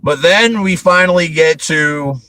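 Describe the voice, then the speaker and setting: A man's voice: fairly high pitch, a little slow, bright, forceful tone, no echo, low-quality recording. A man hosting a casual movie review chat, rambling with frequent restarts and laughing often. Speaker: host.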